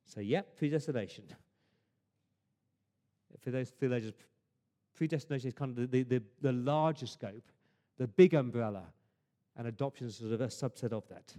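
A man's voice: mid-range voice, normal speed, pauses often, dark tone. A man preaching a sermon to his congregation, earnest, often restarting words and asking rhetorical questions. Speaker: pastor. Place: church service.

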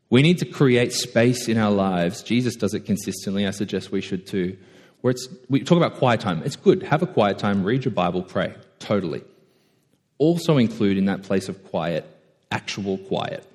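A man preaching a conversational sermon, self-deprecating and animated when telling stories. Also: medium pitch. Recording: echoey hall.

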